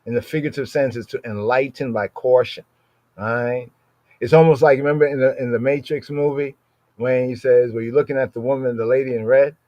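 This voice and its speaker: A man's voice: medium pitch, fairly even intonation, a little fast, no room sound, lo-fi sound. Man teaching scripture, asking "right?". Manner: conversational, keeps asking "right?"; repeats and defines Hebrew words. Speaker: Bible teacher. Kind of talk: Torah study talk.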